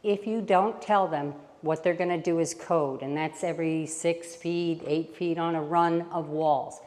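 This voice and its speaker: A woman's voice: sits low, fairly even intonation, unhurried, a little mellow. Woman designer in an echoey room. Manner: practical, reassuring, thinks aloud while counting. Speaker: interior designer. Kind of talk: casual on-site walkthrough tutorial. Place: kitchen under renovation, indoors.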